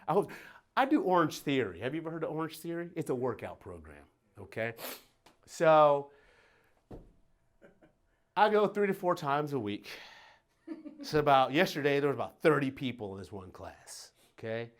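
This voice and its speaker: A man's voice: a little high, very animated, normal speed, pauses often. A middle-aged man from Detroit giving a motivational talk at a workplace event, emphatic and folksy, often checking in with "right?". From Detroit, USA. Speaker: motivational speaker.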